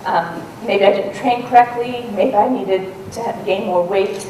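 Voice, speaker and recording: A woman tells a story casually, her medium-pitched, darkish voice a little slow, with frequent ums and restarts. The mic is distant, the sound roomy, and a faint hum sits behind her.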